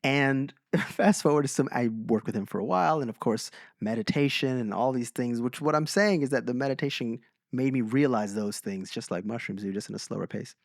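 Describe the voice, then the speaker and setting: A man co-hosting a podcast, telling stories in a casual chat and slowing down for emphasis. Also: mid-range voice, gravelly, no echo, clean studio sound. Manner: animated storyteller, slows for emphasis. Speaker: podcast co-host.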